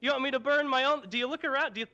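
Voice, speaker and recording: A man's voice: extremely high pitch, steady tone, racing, sharp tone, highs cut off, pitched above the performer's own voice, exaggerated voice. A man playing a poor ancient farmer, ranting in frantic disbelief at a demand to sacrifice his only goat. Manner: frantic, incredulous rant.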